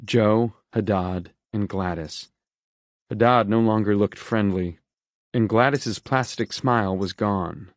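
A man reading an audiobook in a steady, measured narration. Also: lowish voice, no echo, studio quality. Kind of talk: scripted narration.

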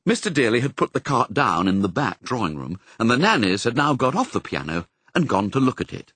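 A man narrating a children's storybook in an expressive, storytelling way. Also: medium pitch, a little fast, husky, no room sound. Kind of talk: audiobook reading.

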